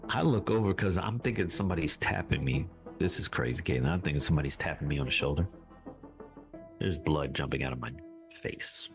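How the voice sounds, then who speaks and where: A man telling a listener how he survived being shot, in an animated voice that climbs high when he recalls his anger. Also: a little fast, music in the background. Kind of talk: casual storytelling.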